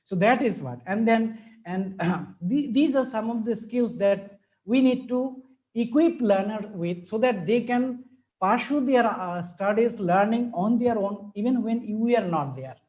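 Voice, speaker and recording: A man with an Indian English accent delivers an online lecture to teachers. He works through each point methodically and pauses often to check that his audience is keeping up. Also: high-pitched, animated, darkish tone, poor audio. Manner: explanatory, checks in often with "all right?". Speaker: teacher trainer. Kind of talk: webinar lecture.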